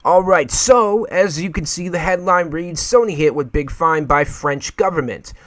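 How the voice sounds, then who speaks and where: A man with a slightly raised pitch talks through gaming news in a loose, casual commentary. He hesitates a lot and fills his pauses with "uh" while he reads an article aloud. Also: soft background music. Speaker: gaming channel host.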